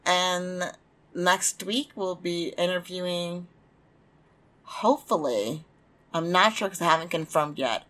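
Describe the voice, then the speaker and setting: A woman's voice: on the low side, slow pace, fairly bright tone. A woman hosting a podcast, talking candidly and casually, venting with lots of fillers. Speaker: podcast host and small press publisher. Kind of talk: casual solo podcast talk.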